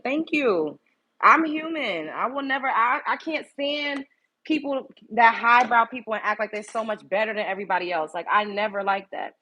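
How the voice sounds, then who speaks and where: A woman's voice: on the high side, normal speed, sharp tone. A young woman from Brooklyn, hosting a casual livestream, blunt and candid, swearing freely and greeting viewers by name. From Brooklyn, New York. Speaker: livestream host.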